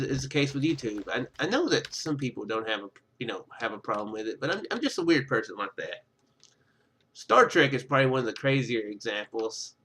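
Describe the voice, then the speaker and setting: A man's voice: medium pitch, fairly bright tone. A man chatting casually over his gameplay, rambling and stammering, cutting himself off with chuckles, into a webcam microphone. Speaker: gaming YouTuber.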